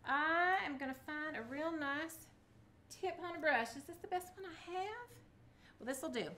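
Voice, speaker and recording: A woman's voice: high-pitched, a little slow, pushed and bright. A middle-aged woman, chatting through a casual craft tutorial and cheering herself on as she works. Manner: chatty, self-encouraging, talks to viewers. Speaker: craft vlogger.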